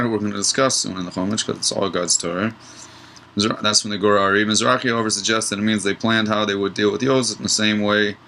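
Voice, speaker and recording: A man teaching a relaxed, digressive Torah study lesson. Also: on the low side, a little hiss or hum, poor audio. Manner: relaxed, digressive, tells a joke mid-lesson.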